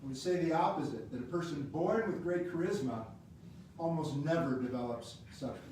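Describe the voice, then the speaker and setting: A man in the class putting a measured, hesitant question to the teacher, thinking aloud as he speaks. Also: a little high, a crowd in the background. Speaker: class participant asking a question. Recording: very echoey room, far from the mic, clear hiss.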